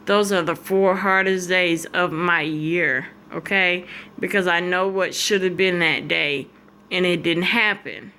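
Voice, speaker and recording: A woman telling a painful personal story straight to her viewers, slow and heartfelt. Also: fairly low pitch, steady tone, sharp tone, slight background noise. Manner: tearful, fighting back tears. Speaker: vlogger.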